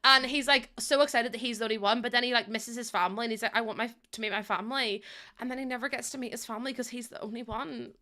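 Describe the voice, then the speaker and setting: A woman's voice: on the high side, steady tone, racing, few pauses, bright, forceful tone. A young adult woman live streaming, chatting casually with her viewers in a giggly, gushing and emotional way.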